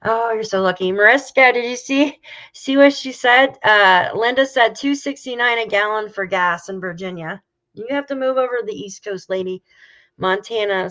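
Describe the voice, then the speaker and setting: A woman from New York State hosting a casual livestream, reading viewer comments aloud and reacting with loud exclamations and casual swearing. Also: mid-range voice. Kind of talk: casual live chat. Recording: slightly dull lo-fi audio.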